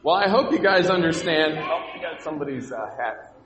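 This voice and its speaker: A man's voice: a little high, lively intonation, fairly quick, crowd noise. A man teaching an interactive Bible lesson to children in a church hall, upbeat and coaxing, directing the kids with questions. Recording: echoey hall with long reverb.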